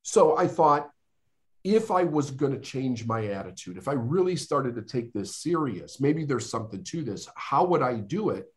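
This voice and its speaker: A middle-aged man from the United States speaks as a podcast guest. His voice sits at an ordinary male pitch, and he tells his story in an earnest, heartfelt way, slowing down and pausing for weight. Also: very animated. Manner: earnest, emotional storytelling with dramatic pauses. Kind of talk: storytelling interview.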